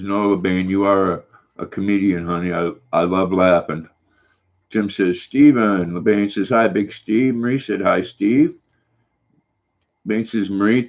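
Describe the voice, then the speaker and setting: Slow folksy older man, dull lo-fi sound. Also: fairly low pitch. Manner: slow, folksy, reads comments aloud and coos at his dog. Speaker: livestream host. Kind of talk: casual chat reading viewer comments.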